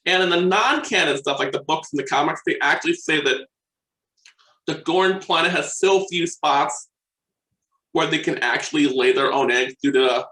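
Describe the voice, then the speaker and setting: A bright, fairly high man's voice with a roomy echo around it. He chats eagerly, working from his notes and trailing off as he searches for the next point. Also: normal speed. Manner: enthusiastic, checks his notes, trails off mid-thought. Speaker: podcast co-host. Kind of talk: casual chat.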